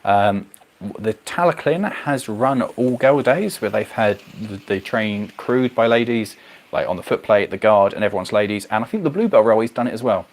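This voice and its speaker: A man hosting a casual livestream, chatting to viewers in a rambling, animated way. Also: lowish voice, normal speed. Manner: rambling, animated, goes off on tangents. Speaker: livestream host. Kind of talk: casual chat reading viewer comments.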